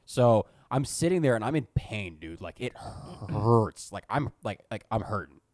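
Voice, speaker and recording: A man's voice: fairly low pitch, expressive, measured pace, a little mellow, dry recording. A young man co-hosting a podcast, telling rambling, self-mocking school stories and swearing freely. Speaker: podcast co-host. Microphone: podcast studio mic.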